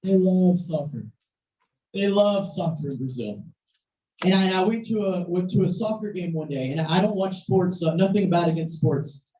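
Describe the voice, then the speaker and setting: A preacher telling a story in a sermon, animated and at times shouting, recorded in a church hall. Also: mid-range voice, moderate pace. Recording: echoey, distant, muffled hall recording.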